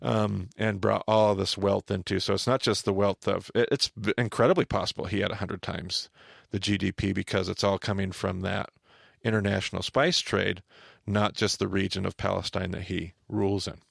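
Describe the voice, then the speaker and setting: A man hosting a podcast, teaching on the Bible in an animated conversational way, often restarting and asking his co-host questions. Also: low-pitched, normal speed, vocal fry, no room sound, studio quality.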